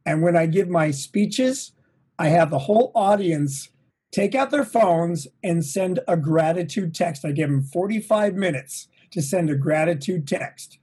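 A middle-aged man, a touring drummer, talking as an interview guest in an energetic, motivational way, swearing now and then. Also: fairly high pitch, a little slow, breathy edge. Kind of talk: casual interview. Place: home, at a desk.

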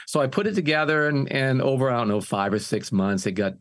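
A man's voice: medium pitch, expressive, a little fast, fairly bright tone. An older man, a singer and music producer, telling his story in a casual interview and often restarting his phrases.

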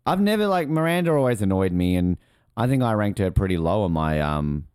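A rambling man chats through a movie commentary, his fairly low voice swooping up and down with excitement. The sound is close and dry, with no room around it. He's young, and he keeps the chat loose with frequent fillers. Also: fairly quick, clean tone, dry recording. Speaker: podcast co-host.

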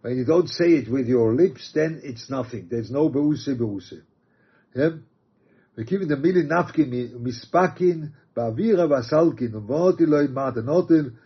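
A man teaching a religious text, reading quotes aloud and explaining them halting restarts. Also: mid-range voice, slightly rough. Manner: reads Aramaic and Hebrew quotes then explains in English, halting restarts. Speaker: Torah teacher. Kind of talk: text study lecture. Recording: dull lo-fi recording.

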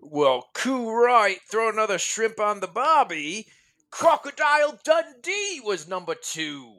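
Jolly Australian bloke, broad accent and slow drawl, put on by a man, pitched up high. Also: sing-song, sharp tone, exaggerated voice. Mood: jokey.

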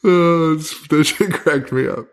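A man co-hosting a casual horror movie podcast, loose and profane, laughing often and talking in quick bursts. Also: a little high. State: hungover. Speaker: podcast co-host. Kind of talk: casual chat.

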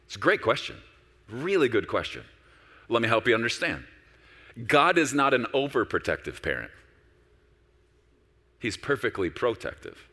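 A man preaching a sermon as a pastor, animated and conversational, acting out quoted voices. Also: on the low side, moderate pace, long pauses, long reverb tail.

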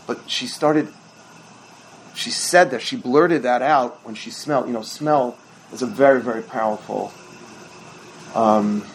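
Gravelly middle-aged rabbi telling stories. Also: male voice, medium pitch, a little slow, long pauses, slight background noise, rough recording. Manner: conversational storytelling, quizzes the audience. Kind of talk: teaching a holiday workshop.

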